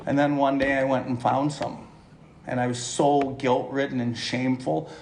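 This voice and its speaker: A man's voice: mid-range voice, a little mellow, a little hiss or hum. A middle-aged man giving a candid, blunt personal testimony at a twelve-step speaker meeting, talking conversationally to the room. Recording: echoey hall recording.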